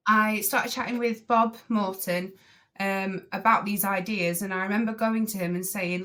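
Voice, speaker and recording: A woman driving instructor talking as a guest on a podcast, earnest and enthusiastic, with many pauses and ums. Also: mid-range voice, a bit bright. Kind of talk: casual podcast conversation.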